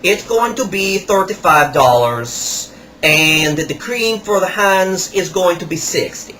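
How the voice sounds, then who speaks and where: A man's voice: lively intonation, sharp tone, a little hiss or hum, full character voice. A man doing a pushy Russian-accented kiosk salesman. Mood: pushy, pitching. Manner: broken English, slow insistent sales pitch. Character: pushy male kiosk salesman hawking creams.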